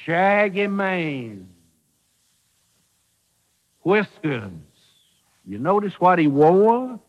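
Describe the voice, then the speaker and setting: A man's voice: sits high, sing-song, extremely slow, big-room sound, highs cut off. A man preaching a sermon in a folksy, emphatic way, acting out quoted voices with drama. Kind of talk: radio sermon.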